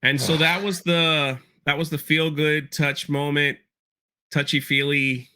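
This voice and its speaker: With a fairly high, sharp voice that barely moves in pitch, this man talks at a measured pace. He hosts a casual podcast, rambling and repeating himself as he goes through an episode and quotes lines with feeling.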